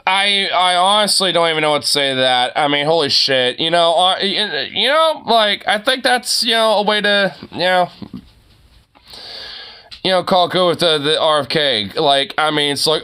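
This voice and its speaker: A man's voice: fairly high pitch, normal speed, bright, forceful tone, clear, resonant tone. A young man streaming, ranting in casual chat, swearing a lot and laughing often.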